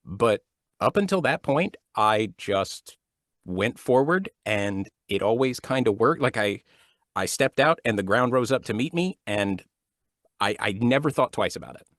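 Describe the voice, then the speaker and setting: On the low side and unhurried, the voice comes from a man in his thirties who works as an actor and audiobook narrator. The home studio gives studio-quality sound with no room sound. He's a guest in a casual interview chat, storytelling animatedly with frequent laughs and restarted sentences.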